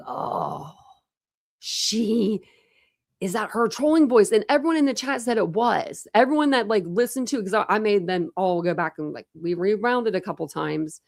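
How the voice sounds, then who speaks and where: A woman's voice: medium pitch, expressive, a little fast, hardly any pauses, dry recording, clean studio sound. A woman hosting a casual true crime livestream, rambling chattily with lots of fillers and restarts.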